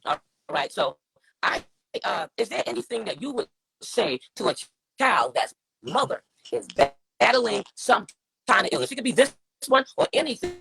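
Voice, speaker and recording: A woman's voice: fairly high pitch, sing-song, normal speed, creaky, sharp tone, a little hiss or hum, poor audio. A woman hosting an interview, effusive and sympathetic in how she speaks. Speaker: host.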